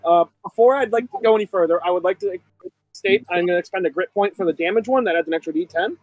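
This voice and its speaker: A man's voice: high-pitched, fast, dry recording. A man playing a tabletop game, joking and playful as he talks. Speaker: player. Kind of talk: casual tabletop game chat.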